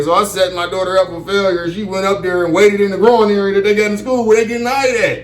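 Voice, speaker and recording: A man's voice: high-pitched, fairly even intonation, quick pace, hardly any pauses, echoey room, a little hiss or hum. A man telling a comic story casually, profane and loose, often asking "you feel me". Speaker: comedic storyteller.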